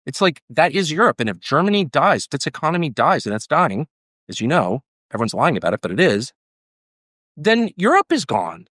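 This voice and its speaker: An American man argues hard, his pitch swinging widely as he drives each point home. His voice is dry and close, with little room sound, and he repeats phrases for stress. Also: very animated, fairly quick, a bit bright, no room sound. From United States. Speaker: interviewee. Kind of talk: heated political conversation.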